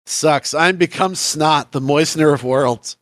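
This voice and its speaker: A man's voice: on the high side, measured pace, no echo, clean studio sound. A man guesting on a casual podcast, nasally stuffed up from allergies, with a wry, absurd sense of humor.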